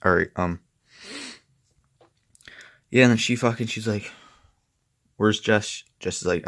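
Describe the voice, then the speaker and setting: A man's voice: low-pitched, steady tone, unhurried, long pauses, fairly bright tone. A young man reviewing a comic book in casual, rambling, profane chat, full of "like" and "and stuff". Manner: rambling, profane, filler-heavy.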